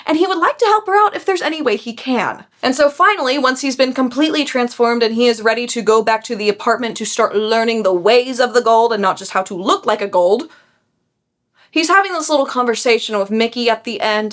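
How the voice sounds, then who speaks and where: A young woman casually recapping a novel for her vlog, animated and gushing, often laughing. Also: on the high side, moderate pace. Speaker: book vlogger.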